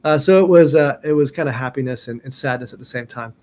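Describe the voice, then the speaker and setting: A man's voice: mid-range voice, fast, a little mellow. A middle-aged man telling a story about his martial arts training in a loose, rambling way, full of restarts and "you know". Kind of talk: casual storytelling.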